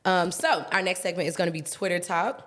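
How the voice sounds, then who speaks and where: A woman in her thirties hosting a podcast, casual and animated with playful asides. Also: lowish voice, brisk. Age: 30s. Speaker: podcast host.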